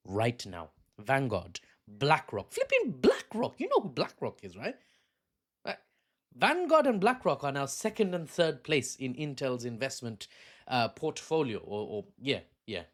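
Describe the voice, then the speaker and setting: Man joking through economics commentary. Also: mid-range voice. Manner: jokey, laughs at own jokes; rambling with asides and restarts. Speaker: news commentator. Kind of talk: casual explainer commentary.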